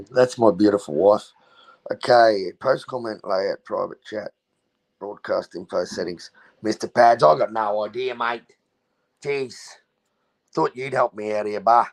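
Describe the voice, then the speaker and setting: A man's voice: fairly low pitch, measured pace. An Australian man hosting his livestream in casual chat, joking loosely and swearing as he goes. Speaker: livestream host.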